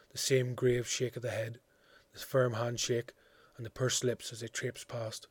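A man narrating a literary story in a measured, quiet, reflective way. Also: medium pitch, little pitch movement, slightly rough, no room sound. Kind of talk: audiobook reading of a literary story.

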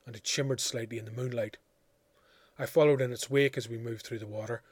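A man narrating a literary story in a measured, quiet, reflective way. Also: medium pitch, no room sound. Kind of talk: audiobook reading of a literary story.

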